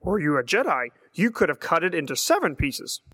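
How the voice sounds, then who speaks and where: A man's voice: fairly high pitch, very animated, a little fast, fairly bright tone. A man reading the lines of a tiny, stern, old male swamp teacher in a storybook. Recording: long hall reverb.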